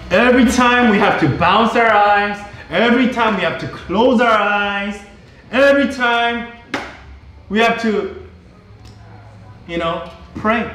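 A middle-aged male pastor preaching a sermon in a church, emphatic and repetitive, at times rising to shouts. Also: high voice. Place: church sanctuary. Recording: very echoey hall.

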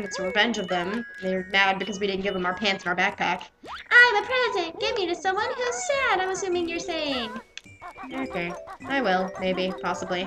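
A young adult woman giving chatty, excitable gameplay commentary and talking back to the game characters. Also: mid-range voice, low-quality recording. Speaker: let's play gamer. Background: game music.

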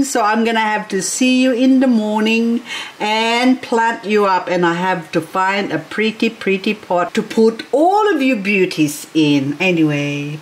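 Slow-talking gushing woman vlogger. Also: medium pitch, animated, a bit bright. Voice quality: gushing, exclaims often, repeats words. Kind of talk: casual unboxing vlog.

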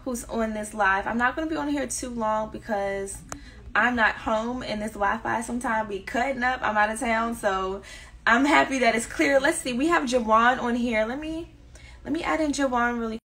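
A woman's voice: a little high, husky. A woman with a mix of DC, Baltimore and Southern accents, chatting casually as host of a live stream and reading out viewer comments. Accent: mixed DC, Baltimore and Southern US. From DMV area, United States. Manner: chatty, upbeat, talks fast when excited.

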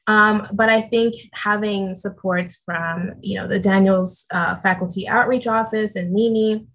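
A woman's voice: mid-range voice, fairly even intonation, unhurried, poor audio. A woman student speaking on a panel in an earnest, emotionally open way. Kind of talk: candid panel discussion.

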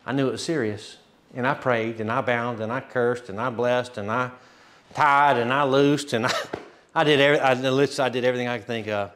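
A man's voice: medium pitch, steady tone, moderate pace, a bit bright. A man pastor telling a testimony in a sermon, acting out dialogue and laughing often. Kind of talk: sermon storytelling.

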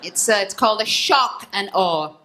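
A woman's voice: medium pitch, lively intonation, moderate pace, pushed and bright, a little hiss or hum. A woman doing a stand-up set on stage, cheeky and laughing at her own lines. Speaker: stand-up comedian. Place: comedy club stage.

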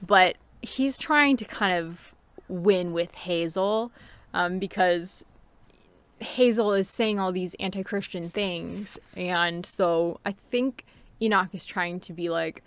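A woman's voice: fairly low pitch, slow pace, fairly bright tone, clear, resonant tone. A woman giving a casual book review, chatty and musing, with frequent fillers and laughs between thoughts.

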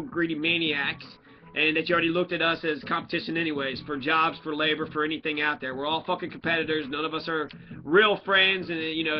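A man who is a student, in a profane, heated and confrontational ranting monologue. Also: fairly high pitch. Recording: dull lo-fi audio with faint music.

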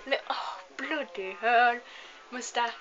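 A young woman with a bright, forceful voice, chatting tiredly and self-mockingly over gameplay. She trips over long words and laughs it off. Faint game music sits behind a slightly dull, lo-fi recording. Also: a little high, slow pace. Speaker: let's play host. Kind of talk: casual gameplay commentary.

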